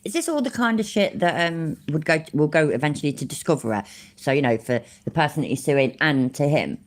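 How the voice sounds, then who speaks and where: Low woman ranting on a stream, sarcastic, rambly, lots of swearing. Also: animated, a little fast, slight background noise. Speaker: streamer reacting to a video. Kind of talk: casual live-stream commentary.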